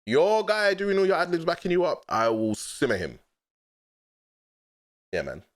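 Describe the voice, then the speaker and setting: A man with a London accent casually breaking down his own rap lyrics in a slangy, laid-back way, laughing often and breaking into excited bursts. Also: fairly high pitch, unhurried, no room sound, clean studio sound.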